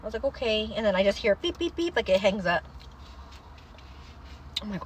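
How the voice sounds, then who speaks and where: A young woman hosting a casual livestream, chatting to viewers and telling stories in an animated way. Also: medium pitch, brisk, long pauses, noisy background. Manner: chatty, animated storytelling, calls viewers girl. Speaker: livestream host.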